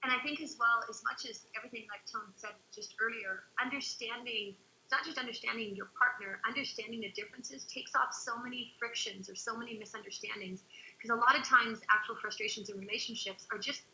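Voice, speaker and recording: A woman co-hosting a relationship webinar, speaking earnestly and reflectively, at times softly. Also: fairly high pitch, fairly even intonation, fairly quick, roomy sound, slight background noise, poor audio. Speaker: co-host. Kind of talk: webinar talk.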